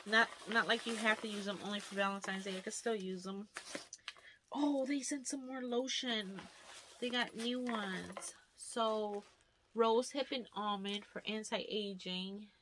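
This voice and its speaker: Young woman vlogger, casual unboxing chatter, middle pitch, rambling delivery, faint background hiss. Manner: chatty, rambling, lots of "like" fillers. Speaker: beauty vlogger. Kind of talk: casual haul unboxing chat.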